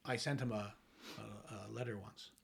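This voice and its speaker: A Canadian man interviewing a guest, chatting casually and sharing his own quick stories. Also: on the low side, fairly even intonation, creaky, a bit bright, a little hiss or hum.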